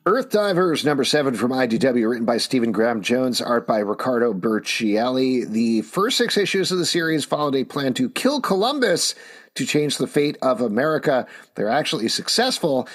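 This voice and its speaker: Lively, husky-voiced male podcast host. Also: medium pitch, moderate pace. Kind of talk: casual comic review chat.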